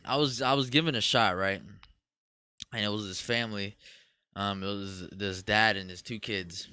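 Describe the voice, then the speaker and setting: A man's voice: on the low side, steady tone, moderate pace, pushed and bright, clear, resonant tone, no echo. A young man from Cuba co-hosting a podcast, telling loose, profane stories in casual chat. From Cuban. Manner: loose, profane storytelling with laughs. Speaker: podcast co-host.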